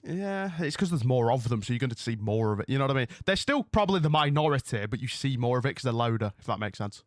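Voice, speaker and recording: Rambling male streamer, mid pitch, chatty and meandering, close dry sound. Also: sing-song, fast, dry recording. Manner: rambling and chatty, loses his train of thought. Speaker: streamer hosting a wrestling watch-along. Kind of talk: casual live-stream chat. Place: home room.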